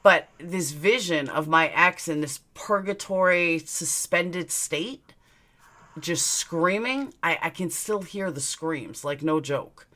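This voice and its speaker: Woman, low voice, sharp forceful tone, casual live-stream chat, blunt, swears, rambling storyteller, webcam mic. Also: slow pace. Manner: candid, blunt, swears freely. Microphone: webcam mic, looking into camera.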